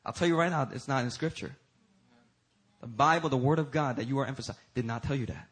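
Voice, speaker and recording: Pastor, male, bright husky voice, preaches with emphatic high climbs and casual y'all asides. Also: fast talker, rough recording. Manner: emphatic preaching that rises to high, loud peaks. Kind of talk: sermon.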